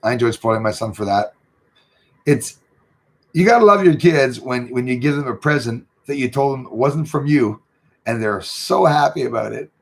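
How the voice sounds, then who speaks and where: A man's voice: mid-range voice, expressive, moderate pace. A middle-aged man, chatting casually and rambling with lots of fillers as host of his livestream. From Canada. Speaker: channel host reading live chat.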